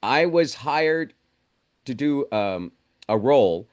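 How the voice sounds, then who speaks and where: A man from Canada talks as a guest on an interview show, his pitch rising and falling as he recounts stories. His speech is animated and conversational. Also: slow pace. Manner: storytelling, animated. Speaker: actor guest. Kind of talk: casual interview chat.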